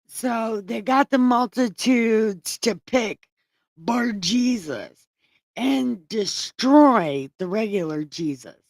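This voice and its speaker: Slow, sarcastic woman reading scripture. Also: fairly high pitch, lively intonation, a little mellow, dry recording. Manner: irreverent, sarcastic and profane. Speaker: online Bible reader and commentator. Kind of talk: casual scripture reading with commentary.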